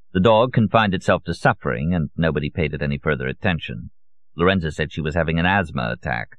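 A man reading a novel aloud as an audiobook narrator, in a measured, even way. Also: very deep voice, dry recording. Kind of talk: scripted narration. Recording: dull, lo-fi audio.

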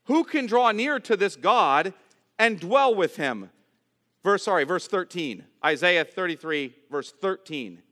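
A man preaching a sermon, with dramatic pauses and rising emphasis. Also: sits high, expressive, bright, forceful tone, in a large hall. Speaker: pastor.

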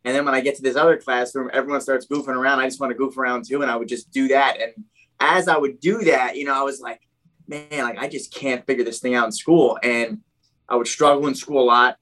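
Male guest, New Jersey, fast rambling storyteller, heavy on "like". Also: mid-range voice, fairly even intonation, sharp tone, low-quality recording. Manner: rambling, packed with "like" and "you know". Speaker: guest telling his life story. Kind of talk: casual personal storytelling.

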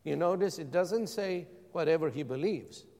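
Pastor preaching in a hall. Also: male voice, fairly high pitch, moderate pace, darkish tone. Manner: rhetorical questions, emphatic repetition. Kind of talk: sermon.

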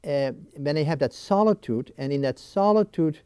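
A man speaking as an interview guest, talking reflectively and expressively at his home, full of restarts and quick bursts. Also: on the high side, clear, resonant tone, no room sound. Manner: animated and expressive, with many restarts. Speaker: interview guest, spiritual writer. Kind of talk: reflective interview talk on prayer. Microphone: filmed interview mic.

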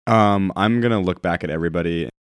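A man's voice: low voice, fast talker, clean tone, no echo, clean studio sound. A man playing a tabletop role-playing game, talking in a casual, laid-back way with lots of fillers. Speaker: player. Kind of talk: tabletop role-play chat.

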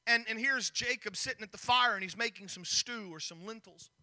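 A man's voice: high-pitched, a little fast. A man preaching a sermon, telling a story with many restarts and acted-out scenes. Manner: storytelling, animated, with repeated restarts.

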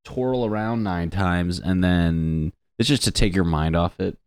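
A man's voice: low-pitched, measured pace, darkish tone, clear, resonant tone, dry recording, studio quality. A young adult male comedian in a casual, profane, sarcastic rant, riffing as he reads web pages aloud.

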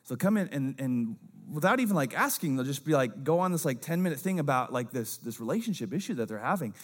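A man, a young-adult pastor, preaching a casual sermon, dropping low and quiet for asides and rising loud for emphasis. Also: expressive, fast talker.

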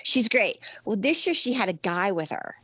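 A middle-aged woman in casual conversation, telling her story with lively energy and now and then jumping into a high voice for the lines she quotes. Her voice sits at a medium pitch and is recorded dry and close, with little room sound. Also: moderate pace, husky, no echo. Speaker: guest recounting a theme park trip. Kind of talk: casual chat.

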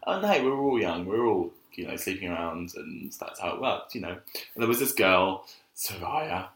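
A man's voice: low-pitched, very animated, moderate pace, a bit bright. A man co-hosting a casual comedic chat, chatty and playful, giggling often. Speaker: co-host. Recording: echoey room.

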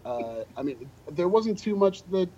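Man, slightly high voice, casual chatty storytelling, self-deprecating, dull lo-fi audio. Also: sing-song, a little slow, dark tone. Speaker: podcast guest, drummer.

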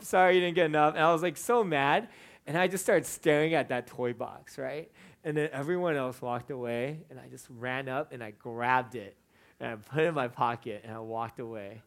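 A man's voice: on the high side, moderate pace. A young man preaching a sermon, talking in a conversational, storytelling way with frequent fillers. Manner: conversational storytelling with fillers, animated and laughing in anecdotes. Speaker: pastor.

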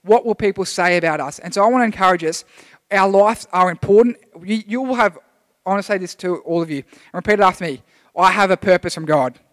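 A man's voice: high voice, fast talker, fairly bright tone. A young man giving a casual, rambling sermon, full of restarts, to a church group. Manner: chatty, rambling, with many restarts. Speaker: youth preacher. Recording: long hall reverb.

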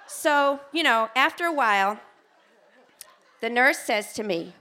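An American woman tells a personal story live on a theater stage, animated and self-mocking. Her voice is bright and set a little high, and she throws herself into acting out each quoted line. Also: a little slow, pauses often. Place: theater stage before an audience.

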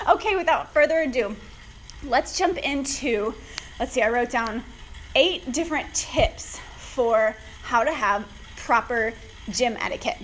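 Woman, high voice, chatty advice-giving, slightly winded, faint background hiss. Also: poor audio. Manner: upbeat, chatty, gives advice directly. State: slightly out of breath from cycling. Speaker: podcast host, fitness coach. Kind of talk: casual solo podcast talk.

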